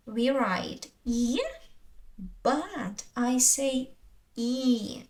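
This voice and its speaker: Woman teacher, very slow, lively pitch, repeats words carefully. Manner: repeats each word slowly, stressing sounds. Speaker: language teacher. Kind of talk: slow, careful pronunciation lesson.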